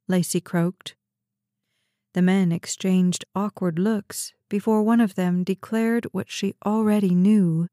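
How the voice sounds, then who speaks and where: Mellow-voiced woman narrating a story. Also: medium pitch, steady tone, takes it slowly, dry recording, studio quality. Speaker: audiobook narrator. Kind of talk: scripted narration.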